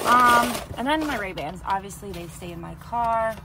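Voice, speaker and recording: A woman's voice: medium pitch, unhurried, noisy background. Chatty young woman vlogging casually. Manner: chatty, upbeat, lots of "like" and "um". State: out of breath. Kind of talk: casual vlog chat. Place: in her car, then at home by a bookshelf.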